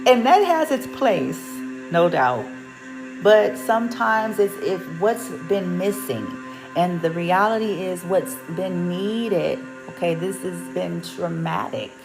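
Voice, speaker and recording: An animated woman with a fairly low voice tells a casual vlog story, laughing often and acting out the dialogue she quotes. Her speech is loose and colloquial. Music plays clearly behind her. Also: slow pace, poor audio. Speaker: reiki practitioner and parent. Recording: music playing in the background.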